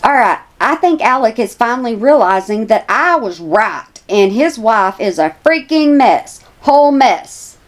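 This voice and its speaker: A woman's voice: on the high side, animated, measured pace, few pauses. A woman, chatting casually to her viewers as a commentary vlogger, repeating herself for emphasis.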